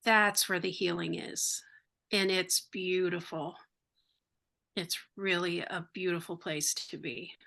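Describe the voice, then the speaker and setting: Bright-voiced older American woman, heartfelt. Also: on the low side, steady tone, gravelly. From United States. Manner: earnest and heartfelt, quick bursts. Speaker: interview guest. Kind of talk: personal faith testimony.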